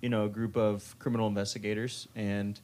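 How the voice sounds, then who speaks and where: A man's voice: on the low side, level tone, brisk, a little mellow. A man on a podcast chatting casually and recommending a book series with enthusiasm. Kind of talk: casual chat.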